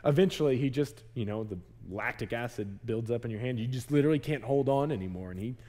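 A man in his thirties preaching a sermon as pastor, telling a lively story about his kids. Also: mid-range voice, quick pace. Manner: animated storytelling, acts out his kids' voices.

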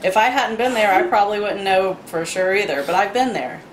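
A woman's voice: medium pitch, fairly quick, roomy sound, slight background noise. A woman making cocktails in her home kitchen, chatty and playful with little asides. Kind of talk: casual kitchen demo chat.

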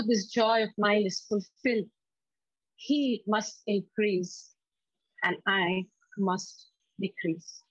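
A woman preaching a sermon, reading scripture slowly and emphatically and leading the congregation to repeat lines. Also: mid-range voice, breathy edge, no room sound, muffled recording. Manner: slow, emphatic scripture reading with call-and-response.

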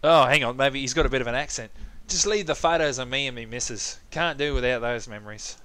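A very old, cranky turtle mayor, as a man plays him, high and creaky in pitch, grumbling and confused. He snaps at visitors in a raised, crotchety game voice. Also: steady tone, racing, pushed and bright, lightly acted.

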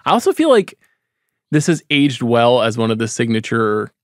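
A middle-aged man with a gravelly voice, co-hosting a podcast and talking earnestly about films. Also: medium pitch, very animated, normal speed, no echo, clean studio sound. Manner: earnest, agreeable, lists films. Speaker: podcast co-host. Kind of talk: casual movie chat.

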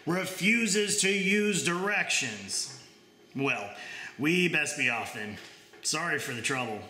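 A man's voice: a little high, animated, takes it slowly, pushed and bright, echoey room, heavily acted. A man voicing a chatty, breezy space alien. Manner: casual, chatty, mildly condescending.

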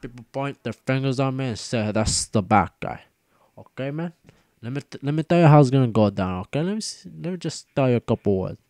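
A man's voice: medium pitch, expressive, brisk, a little mellow, no room sound, clean studio sound, lightly acted. A man voicing a cocky, boastful male gangster boss. He drawls and tacks "man" and "okay" onto every phrase. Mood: swaggering.

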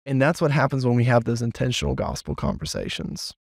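Brief: pastor, male, animated anecdote-teller, podcast, dry sound. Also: mid-range voice, a little fast, vocal fry, breathy edge, dry recording. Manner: animated storyteller, lots of fillers. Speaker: children's pastor. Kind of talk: casual podcast chat.

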